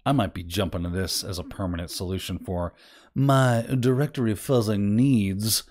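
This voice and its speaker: A man hosting a casual screen-share software demo, rambling and self-deprecating as he thinks aloud. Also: fairly low pitch, fairly even intonation, normal speed. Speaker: host.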